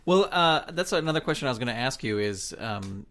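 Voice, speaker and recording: A man's voice: mid-range voice, big pitch swings, fairly quick, a bit bright. A man hosting an interview podcast, asking questions hesitantly and laughing often. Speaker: podcast host.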